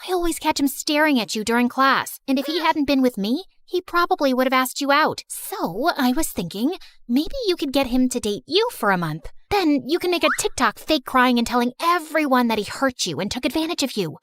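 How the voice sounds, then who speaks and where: A woman voicing a popular, scheming teenage girl in an animated story, urgent and persuasive. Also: sits high, brisk, no room sound.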